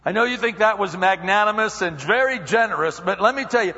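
A patient, kindly male teacher speaks in a folksy, conversational way, as a preacher puts him on. The voice sits high and rings through a large hall. The recording sounds muffled and lo-fi. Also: fairly quick, bright, forceful tone. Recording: echoey hall, dull lo-fi sound.

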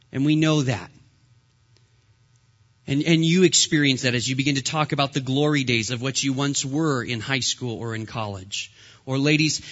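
A man in his thirties, a pastor, preaching a sermon with lively, humorous storytelling. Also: mid-range voice, lo-fi sound.

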